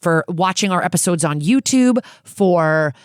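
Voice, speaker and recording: A woman's voice: on the low side, animated, a little slow, clean tone, dry recording, clean studio sound. A mother co-hosting a podcast, frank and wry in casual chat. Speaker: podcast co-host.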